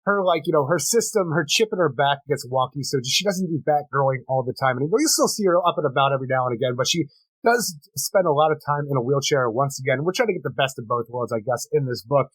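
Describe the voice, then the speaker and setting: Husky man cracking wry podcast jokes. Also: medium pitch, lively intonation, quick pace, dry recording, low-quality recording. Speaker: podcast co-host. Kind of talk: casual chat reviewing comics.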